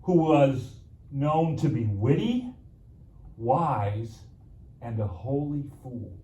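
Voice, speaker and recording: A man preaching through a story at an unhurried pace, with dramatic pauses and playful asides. His voice is mellow and swoops up and down lively. The sound is roomy and distant, with a faint hum of ambience behind. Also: medium pitch. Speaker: pastor. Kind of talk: sermon storytelling. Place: church sanctuary. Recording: echoey church room, mic from afar, faint ambience.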